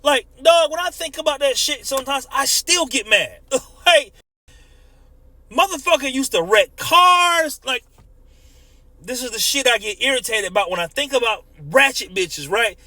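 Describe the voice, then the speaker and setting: A man's voice: very high voice, animated, normal speed, sharp tone, no room sound. A man in his thirties, a truck driver, ranting profanely in a casual monologue and laughing often as he tells stories.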